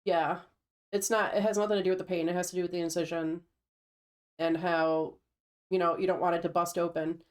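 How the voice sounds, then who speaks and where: Lower-voiced woman telling stories casually. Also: level tone, fairly quick. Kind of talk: casual chat.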